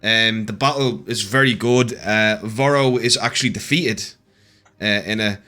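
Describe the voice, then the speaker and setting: Bright-voiced male game master. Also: fairly low pitch, normal speed, faint music behind. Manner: hesitant, many fillers and restarts. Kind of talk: narrating a tabletop game.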